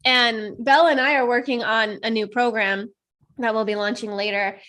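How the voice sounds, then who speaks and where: A woman co-hosting a casual chat, animated and quick to laugh, acting out quoted dialogue and swearing casually. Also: on the high side. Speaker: podcast co-host.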